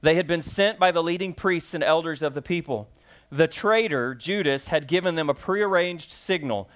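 A man's voice: fairly high pitch, moderate pace, few pauses, fairly bright tone. A man preaching as pastor, reading scripture aloud and then explaining it with rising emphasis and questions to the congregation. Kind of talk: sermon.

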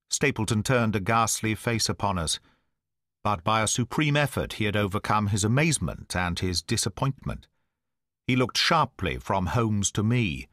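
A man reading a narration in a measured storytelling manner. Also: fairly low pitch, expressive, a bit bright, no echo, studio quality. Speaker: audiobook narrator. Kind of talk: scripted narration.

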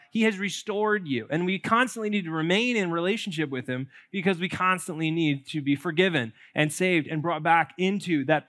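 A man preaching to his congregation in a church, his voice sitting a little higher than most men's. He keeps the sermon conversational and playful, tossing in jokes and asides as he teaches. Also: a bit bright. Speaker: pastor. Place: church sanctuary.

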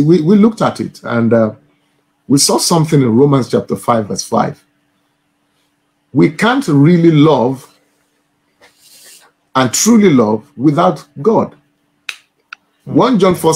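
A man's voice: mid-range voice, darkish tone. A male church minister teaching from the Bible, stressing points by repeating phrases and now and then addressing someone as sir.

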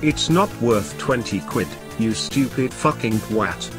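A man hosts a scripted comedy sketch as a boastful, foul-mouthed game collector, ranting in an animated voice that swings up and down. Soft music sits faintly behind him. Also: mid-range voice, slow pace. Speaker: comedic host playing an angry game collector.

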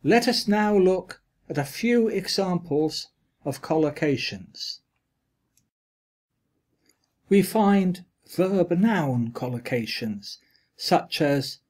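A man delivering a read lecture at an unhurried, careful pace. His voice sits a little higher than most men's, and each quoted example and gloss gets measured emphasis. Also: a little mellow.

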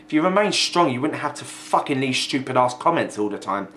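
Man, young adult, angry vlog rant, mocking, lively pitch, faint noise. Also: a little fast. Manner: sweary, mocking, exasperated. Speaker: video ranter.

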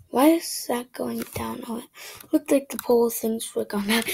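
A woman giving casual gameplay commentary, frustrated and excitable, shouting at the game character and dropping into whispered asides. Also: on the high side, moderate pace, creaky, a little hiss or hum. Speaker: gaming video creator.

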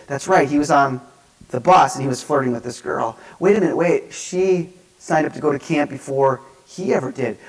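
Lecturer, male, a touch high-pitched, lively self-mocking storyteller, hushed to loud. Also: fairly quick, rough recording. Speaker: speaker at a divinity school lecture. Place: lecture hall.

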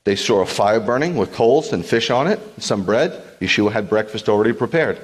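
A man with a lowish voice delivers a sermon as a rabbi, animated and quick with wry asides. His voice carries a long reverberant tail from a large congregation hall. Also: slightly rough. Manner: animated, joking asides, acts out quotes.

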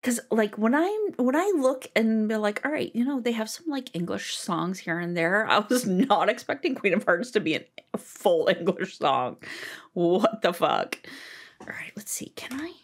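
A woman's voice: medium pitch, lively intonation, moderate pace. A woman hosting a music reaction video, talking casually and exclaiming and swearing in surprise. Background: faint music playing.

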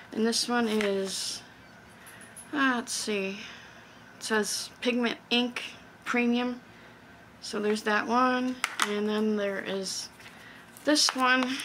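Woman, chatty craft vlogger, fairly high voice, excitable, noisy home recording with crinkling packaging. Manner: chatty, excitable, thinks aloud while unpacking. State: out of breath. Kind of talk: casual thrift haul show-and-tell.

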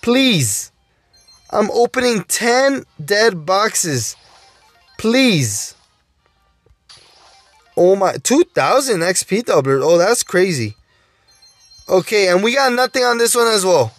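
A man with a high voice gives unhurried gameplay commentary as he opens loot boxes. He keeps begging for luck and calls out to his viewers constantly. His voice sounds dry and close. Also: sing-song, no room sound, soft background music. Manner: pleading, keeps saying "guys" and "oh my dude". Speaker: mobile gaming YouTuber.

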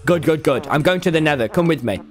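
A brash young British man with a cheeky, yelling delivery and a lively, swooping voice. He sits a little high in pitch. Soft music plays underneath. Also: quick pace. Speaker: gaming streamer. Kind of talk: loud playful gaming banter. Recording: gameplay video with music behind.

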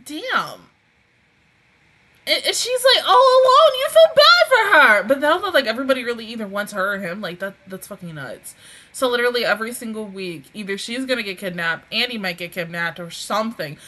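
A woman hosting a casual anime reaction review, excitable and swearing a lot, breaking into laughter often. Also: mid-range voice, fairly quick.

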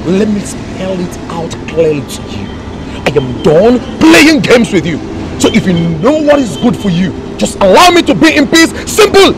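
A man's voice: high voice, sing-song, unhurried, noisy background. An actor with a Nigerian accent playing a man who curtly dismisses a former lover in a Nollywood film. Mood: dismissive. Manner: curt, dismissive, shouting. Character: irritated man, cold and dismissive. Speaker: man ending an affair.

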